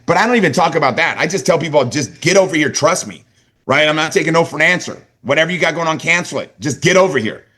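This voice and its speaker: A forceful, bright-toned middle-aged man from California gives a high-energy sales pep talk. He hammers short catchphrases and keeps tagging lines with "right?" and "okay?". His voice sits a little high for a man. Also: expressive, racing, hardly any pauses. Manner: emphatic, repeats catchphrases, asks "right?" and "okay?". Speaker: motivational sales trainer.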